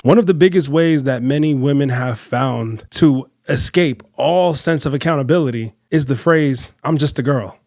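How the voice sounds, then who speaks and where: A man's voice: mid-range voice, moderate pace, hardly any pauses, darkish tone, no echo. A man hosting a podcast who comments on clips and speaks straight to viewers. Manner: direct, addresses viewers as fellas and ladies. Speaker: podcast host.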